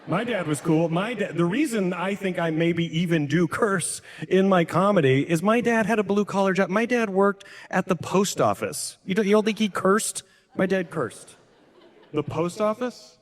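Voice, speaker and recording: A man performing a stand-up comedy set, self-deprecating, often jumping up in pitch to play the people in his stories. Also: lively intonation, moderate pace. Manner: self-deprecating, jumps into high-pitched voices for quoted people. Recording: echoey hall reverb.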